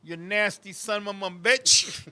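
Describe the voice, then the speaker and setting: This male host talks slowly, telling vivid, profane tales in light comic conversation and turning often to his co-host. The very high, biting voice comes through a close, fully dry mic with no room sound.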